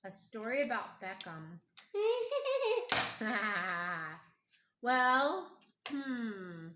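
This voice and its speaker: A hoarse, strained woman, a mother gently telling family stories to her child at home, unhurried and humming as she thinks. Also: medium pitch, animated. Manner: gentle, unhurried, thinking aloud with hums and pauses. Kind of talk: casual storytelling to her child. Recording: echoey room with clear background noise.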